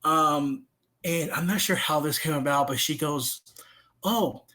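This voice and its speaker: A young adult man telling a story as a podcast guest, animated and slipping into other people's voices. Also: on the high side, measured pace. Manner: animated, acts out voices in his stories. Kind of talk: casual storytelling chat.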